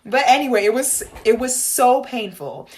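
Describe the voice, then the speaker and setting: Animated young woman telling a story. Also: moderate pace. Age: young adult. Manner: animated, dramatic retelling with bursts of high acted quotes; frequent fillers like "like" and slangy asides. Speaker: vlogger. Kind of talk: casual storytime vlog.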